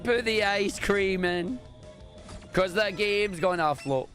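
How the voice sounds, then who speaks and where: A Scottish man streaming a speedrun, talking casually with jokes and sudden excited exclamations. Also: sits high, takes it slowly. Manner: excitable, jokey, bursts into loud exclamations. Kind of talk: casual live-stream commentary. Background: game music.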